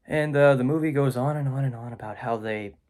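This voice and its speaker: A man rambles through a casual movie review from a room at home, his voice pitched in the ordinary middle. He's dry and sarcastic, filling the gaps with ums and throwaway asides. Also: brisk, darkish tone. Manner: sarcastic, filler-heavy with many ums. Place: indoors, room with a window.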